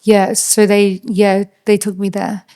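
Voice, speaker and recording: A woman with an Australian accent, a podcast guest, telling a personal story in a halting, flat way with lots of fillers. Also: mid-range voice. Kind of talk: casual storytelling.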